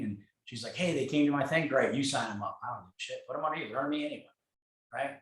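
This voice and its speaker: A man's voice: medium pitch, reverberant, rough recording. A man from Michigan telling blunt, profanity-laced business stories in casual talk, acting out both sides of conversations. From Michigan, USA. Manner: blunt and swearing, acts out dialogue in animated voices. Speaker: guest speaker, real estate team leader. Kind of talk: casual conversational storytelling on a video call.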